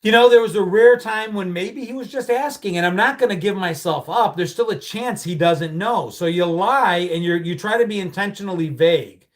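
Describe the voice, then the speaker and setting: A man's voice: sits high, moderate pace, few pauses. Chatty middle-aged man telling stories. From United States. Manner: storytelling, reads out viewer comments, swears casually. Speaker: livestream host. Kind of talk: casual livestream chat.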